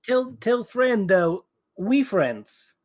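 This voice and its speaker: Casting: a player voicing an adventurer soothing a giant, halting, pitched up and slow. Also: very animated. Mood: placating. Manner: slow, halting, mimics simple speech.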